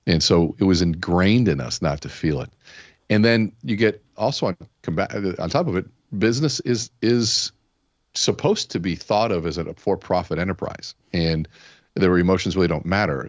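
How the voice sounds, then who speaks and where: A deep-voiced keynote speaker tells stories in a conversational podcast interview, acting out quoted characters and using many fillers. The recording is dry with lo-fi sound.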